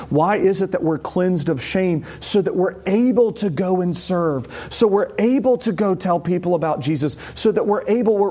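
A man's voice: high voice, warm tone, breathy edge. A man preaching a sermon as a pastor, conversational and emphatic, asking the congregation rhetorical questions. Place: church.

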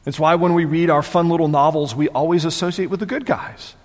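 Man, pastor, sermon, conversational, animated, fairly high voice, long hall reverb. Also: a little fast. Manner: conversational and animated, laughs at himself, repeats words.

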